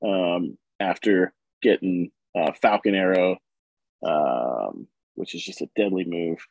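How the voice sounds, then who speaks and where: A man with a lowish voice talks through a comic's plot in an easygoing, rambling way, stopping often for ums and uhs. The sound is close and dry, with almost no room around it. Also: slow pace, darkish tone, no echo, low-quality recording. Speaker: podcast co-host reviewing comics. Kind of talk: casual chat, retelling a comic's plot.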